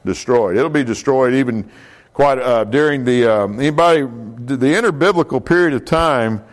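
A man leads a Bible study lesson in a loose, talky manner. He stops to correct himself, fills pauses and asks the class questions as he goes. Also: mid-range voice. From United States. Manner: conversational, many fillers and self-corrections, asks the class questions. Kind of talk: casual Bible class lecture.

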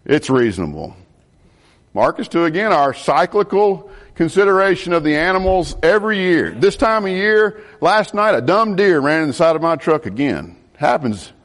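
A middle-aged man, a pastor preaching a sermon in an animated way and asking the congregation questions. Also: a little high, moderate pace.

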